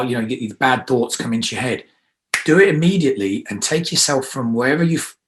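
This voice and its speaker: Energetic male coach. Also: medium pitch. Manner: energetic, emphatic, coaxing. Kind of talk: guided affirmation exercise.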